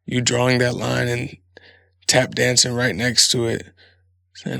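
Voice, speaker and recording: A man's voice: mid-range voice, little pitch movement, takes it slowly, vocal fry, pauses often, pushed and bright, dry recording, clean studio sound. A man hosting a podcast in a casual comedic monologue, rambling and swearing freely, laughing often. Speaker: podcast host.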